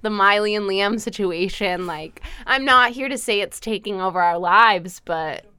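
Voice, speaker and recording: A young woman co-hosting a casual gossip podcast in a campus studio, teasing and quick to laugh. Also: medium pitch, smooth, no echo. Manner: animated, teasing, laughs often. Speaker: podcast co-host.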